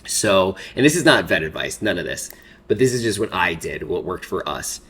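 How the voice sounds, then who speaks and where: Low-voiced man in his thirties, rambling. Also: big pitch swings, moderate pace, fairly bright tone. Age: 30s. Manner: rambling, filler-heavy storytelling. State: holding back tears. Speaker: makeup vlogger. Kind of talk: casual get-ready-with-me chat.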